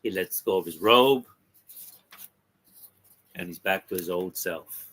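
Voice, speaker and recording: A man on a talk podcast casually retelling a comic's story, halting with ums and restarts. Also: deep voice, a bit bright. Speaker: podcast co-host discussing comics.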